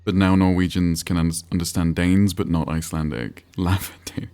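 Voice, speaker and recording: A man's voice: low-pitched, fairly even intonation, moderate pace, mellow. A man streaming a game, chatting and rambling while reading chat aloud. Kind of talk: casual live-stream commentary.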